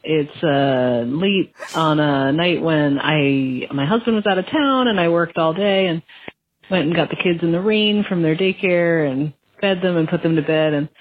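A woman's voice: low-pitched, unhurried, a little hiss or hum. A woman in her thirties, a caller, telling a story in a rambling, self-deprecating voicemail and laughing at herself. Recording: tinny phone line.

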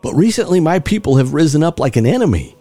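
A man hosting a scripture reading, reading in a measured, solemn way with rising emphasis and leading listeners in prayer. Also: fairly high pitch, big pitch swings, warm tone, slightly rough. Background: faint music.

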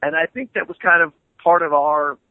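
A man's voice: on the high side, fairly quick, dry recording. A middle-aged man, a guitarist, rambling animatedly in a casual interview with many restarts. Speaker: guitarist and band member, interview guest. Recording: tinny phone-like line.

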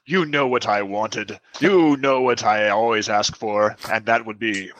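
A man's voice: fairly low pitch, a little slow, a bit bright, lo-fi sound, pitched below the performer's own voice. A man voicing a commanding vampire lord who orders his servant about. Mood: imperious. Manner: imperious, commanding, faltering at times.

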